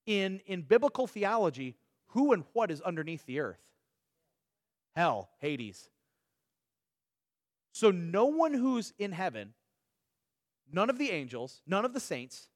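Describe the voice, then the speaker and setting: Recorded cleanly in a studio with no room sound, this man's high voice swings widely in pitch. He teaches a Bible study conversationally, using rhetorical questions and ordinary examples, and keeps restarting his words with frequent quick repetitions.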